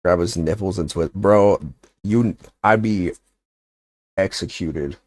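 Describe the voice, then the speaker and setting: A man's voice: low-pitched, takes it slowly, darkish tone, no echo. A young man chatting casually on a livestream, rambling and joking with lots of filler words. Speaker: streamer.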